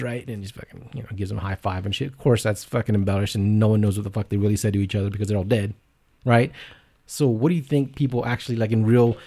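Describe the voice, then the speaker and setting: A male podcast host with a lowish voice who rambles through profane anecdotes. He sounds casual and unpolished. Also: warm tone. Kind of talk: casual chat.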